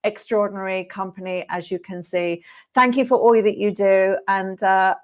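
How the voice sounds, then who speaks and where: A woman's voice: mid-range voice, fairly even intonation, moderate pace, a little mellow. Earnest, effusive woman host. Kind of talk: interview hosting.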